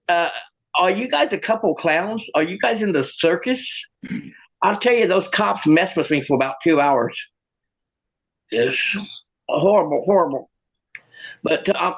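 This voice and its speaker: Self-mocking gravelly-voiced stand-up comic. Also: male voice, on the high side, fairly bright tone, low-quality recording. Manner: stammering, self-mocking storyteller. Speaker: comedian. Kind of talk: stand-up comedy with magic. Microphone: own camera.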